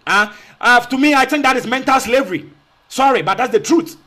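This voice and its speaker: An online commentator with a Ghanaian accent gives a casual spoken rebuttal, repeating himself, asking rhetorical questions, and mixing in Twi phrases. His very high voice is fairly quick, bright, and forceful.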